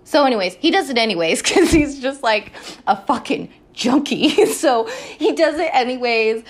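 A woman's voice: high-pitched, animated, normal speed. A woman hosting a podcast, recapping a TV show in a rambling, casual way, swearing a lot and laughing often. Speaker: podcast host.

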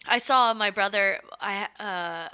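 A woman chatting casually, quick to react with gasps and laughs. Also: mid-range voice, sharp tone, clear, resonant tone. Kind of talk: casual chat.

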